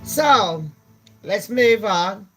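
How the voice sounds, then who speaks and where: A woman's voice: mid-range voice, expressive, very slow, faint music behind. Profane, blunt woman ranting. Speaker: channel host. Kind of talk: casual ranting commentary.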